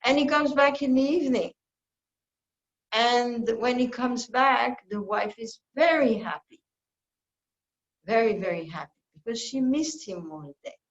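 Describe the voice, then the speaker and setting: Slow, earnest woman teaching in a roomy hall. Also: a little high, lively intonation. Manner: slow, earnest teaching with playful acted-out quotes. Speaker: spiritual teacher giving a scripture class. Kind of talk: sermon-style reflective reading. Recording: roomy, dull lo-fi recording.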